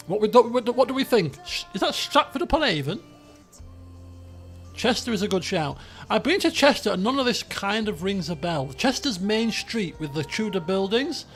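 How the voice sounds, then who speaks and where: A man's voice: high-pitched, very animated, normal speed, soft background music. A man commentating a guessing game on a live stream, chatty, thinking aloud and laughing often.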